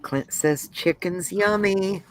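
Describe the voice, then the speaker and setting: Slow-talking woman from Georgia. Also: mid-range voice, slight background noise, low-quality recording. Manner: relaxed, reads out comments. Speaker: live stream co-host reading chat. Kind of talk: reading viewer comments aloud.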